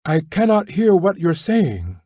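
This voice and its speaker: A man's voice: mid-range voice, fairly even intonation, unhurried, dark tone, no echo, studio quality, lightly acted. A man voicing a wary, defiant young woman prisoner, calling out in a guarded way.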